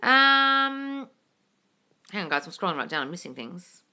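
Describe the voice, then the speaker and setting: A woman with a low, husky voice races through her live manifesting Q&A stream, reading viewer comments aloud in casual talk. She swears without restraint, calls her audience darling, and gushes with sudden excitement.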